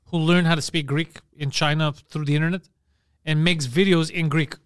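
A brash man with a notably high voice ribs his friends in casual podcast banter. He mocks and swears freely. The close mic sounds dry and intimate. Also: steady tone, normal speed, clean tone, no room sound. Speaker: podcast co-host.

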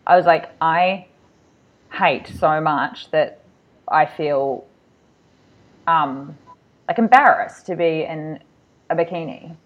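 A young woman co-hosting a podcast, telling animated stories and acting out what people said. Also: sits low, takes it slowly, pauses often. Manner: animated storyteller, acts out quotes. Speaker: podcast co-host. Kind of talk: casual chat. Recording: muffled sound.

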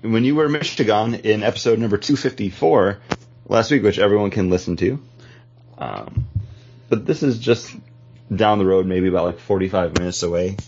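A man hosting a casual podcast, relaxed as he introduces segments and beers. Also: fairly low pitch, normal speed, slight background noise. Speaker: podcast host. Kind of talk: casual chat. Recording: dull lo-fi podcast audio.

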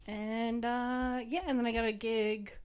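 A woman's voice: a little high, level tone, measured pace, darkish tone, clean tone. A woman co-hosting a podcast, chatting casually with a slightly nasal voice, swearing freely and laughing often. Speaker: podcast co-host. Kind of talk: casual chat.

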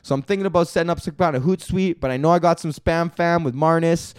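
A man's voice: on the high side, fast talker, smooth, no room sound, clean studio sound. Profane ranting man on a podcast. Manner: profane, rambling, animated ranting with frequent laughs. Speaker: podcast host. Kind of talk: solo comedy podcast rant.

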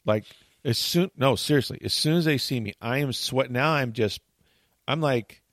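A man hosting a talk show, telling a long story in animated, chatty fashion and acting out what people said. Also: medium pitch, moderate pace, no room sound, clean studio sound. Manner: tells long stories, acts out quotes.

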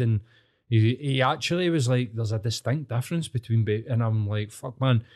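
A man in his thirties with a Glasgow accent, co-hosting a podcast in casual chat, animated and swearing constantly. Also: mid-range voice, normal speed. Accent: Scottish, Glasgow. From Scotland. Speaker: podcast co-host.

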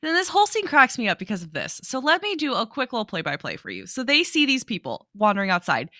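A young woman with a bright, forward voice lays out a film's story in casual podcast chat. The sound is dry and close, with no room around it. She explains at length and walks through scenes beat by beat. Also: on the high side, huge pitch swings, fast, dry recording. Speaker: podcast co-host. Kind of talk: casual movie discussion.

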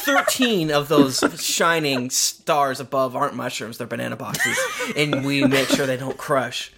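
A man's voice: medium pitch, measured pace, creaky. A man co-host chatting and joking with a stammer, reading listener feedback. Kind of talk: podcast chat. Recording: noisy mic line.

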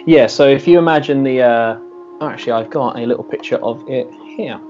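Male game master, relaxed narration, faint music behind, muffled recording. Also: mid-range voice, a little fast. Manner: loose, relaxed narration with fillers.

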